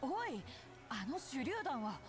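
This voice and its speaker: Mischievous girl soldier, very high, lively pitch, game audio, music underneath. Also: quick pace. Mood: impish.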